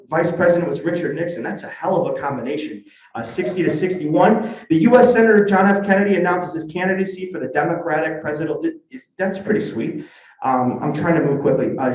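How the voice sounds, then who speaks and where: Chatty emcee man in an echoey hall. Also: a little high. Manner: chatty, joking, upbeat, asks the crowd questions. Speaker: club member giving history segment. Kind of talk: casual emcee talk at a club meeting. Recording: echoey room, dull lo-fi sound.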